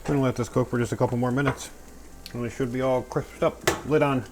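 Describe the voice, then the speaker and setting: This is casual cooking narration from a man at home, talking goofily through every step and tossing in playful sound effects with his mouth. He speaks at a medium pitch with fairly even intonation and a fairly quick pace. The clip is very noisy, with music clearly under his voice and pans clattering.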